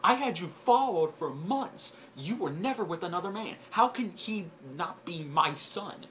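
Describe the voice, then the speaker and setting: Domineering prince, read out by a man, harsh, emphatic, slightly raised pitch. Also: expressive, unhurried, a bit bright, slight background noise. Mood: demanding. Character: cold, domineering father and prince.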